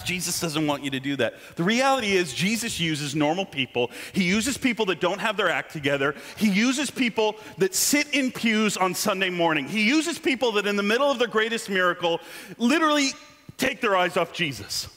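High, bright-voiced animated preacher man. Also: moderate pace, big-room sound. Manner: animated, joking, self-deprecating asides. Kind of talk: sermon. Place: church sanctuary.

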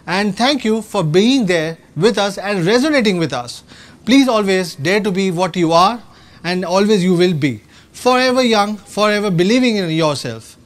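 A man giving a proud, rallying scripted keynote as a company executive at a product launch. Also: high-pitched. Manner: proud, rallying, slightly stilted phrasing.

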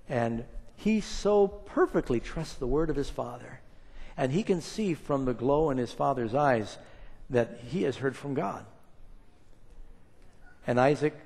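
A male preacher tells a story to a congregation, swinging from loud, forceful lines to quiet, hushed ones. He acts out the quotes in the tale. His voice carries a long reverb from a large hall, at a medium pitch. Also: vocal fry, breathy edge. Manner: dramatic retelling with acted quotes, swinging between loud and hushed. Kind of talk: sermon storytelling.

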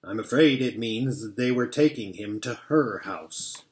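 A man's voice: medium pitch, measured pace, darkish tone, natural voice. A man reading aloud and voicing a homely, earnest male beaver with a folksy, emphatic way of talking. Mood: gloomy.

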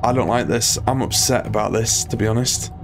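Male let's-play host, mid pitch, nervy and sweary, talks to himself, light game music behind. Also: fairly even intonation, a little fast. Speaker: gaming channel host.

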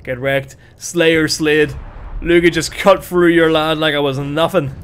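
Excitable high-voiced male streamer. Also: measured pace, smooth. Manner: excitable, swears freely, shouts at the game. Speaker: livestreamer. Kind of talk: casual gameplay commentary.

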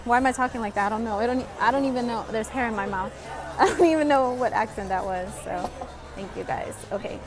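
A woman's voice: on the high side, quick pace, over music, crowd noise, rough recording. A woman vlogging with her daughter, chatting casually and giggling often. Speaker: vlogger and mother. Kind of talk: casual vlog chat. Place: restaurant, then a mall coffee shop.

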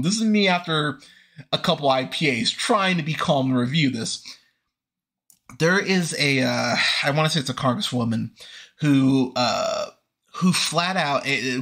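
Bright-voiced sarcastic male podcast ranter. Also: fairly high pitch. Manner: sarcastic, profane, exasperated. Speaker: movie podcast host. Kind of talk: ranting movie review.

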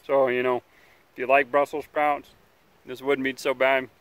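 A man hosting a casual outdoor survival vlog, talking in a relaxed, rambling way by a campfire, sometimes chewing as he speaks. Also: mid-range voice, slow pace, pauses often, smooth, no room sound. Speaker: outdoor survival channel host.

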